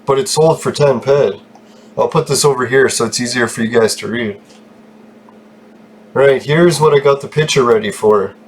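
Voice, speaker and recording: A man's voice: medium pitch, normal speed, long pauses, slight background noise. A man hosting his own gaming channel, talking casually over gameplay, swearing freely and laughing often as he rambles.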